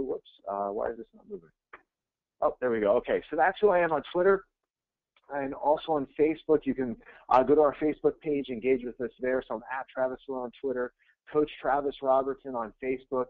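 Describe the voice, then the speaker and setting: A man, a real estate coach, giving an energetic, conversational webinar presentation and repeating phrases for emphasis. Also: medium pitch, gravelly, no echo. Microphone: webinar audio feed. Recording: tinny phone-like line, dry.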